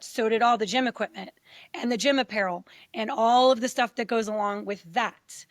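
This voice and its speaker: Woman, middle-aged, podcast guest, candid storytelling, fairly high voice, dry close sound. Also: dry recording. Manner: animated, acts out quoted voices.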